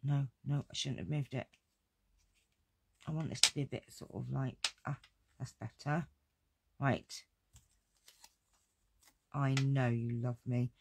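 A woman's voice: a bass voice, steady tone, slow, creaky, pauses often, background noise. A woman hosting a casual crafting video, chatting to her viewers in a self-deprecating way and laughing often.

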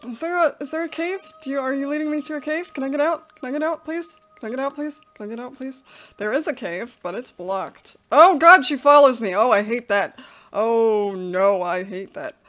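High-voiced woman, panicked horror gameplay commentary. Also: normal speed. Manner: panicky, jittery, breaks into nervous laughs. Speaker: gaming video host. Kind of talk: horror game let's play commentary. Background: game music.

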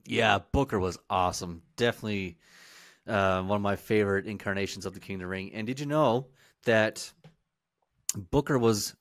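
Low-voiced easygoing podcast man. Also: normal speed, no echo, clean studio sound. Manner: easygoing storyteller, fillers. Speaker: podcast co-host. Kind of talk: casual chat.

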